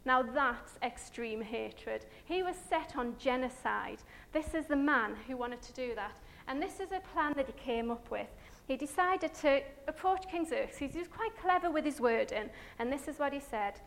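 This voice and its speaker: Animated woman telling a Bible story. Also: high-pitched, moderate pace, vocal fry, few pauses, slight background noise. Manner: animated, chatty, with many fillers. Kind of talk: Bible story talk with slides.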